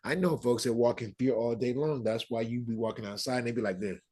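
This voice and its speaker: Husky-voiced man teaching a class. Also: mid-range voice, fairly even intonation, fast, mellow. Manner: conversational, checks in with the audience; acts out everyday quotes. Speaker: spiritual teacher. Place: room with a live audience.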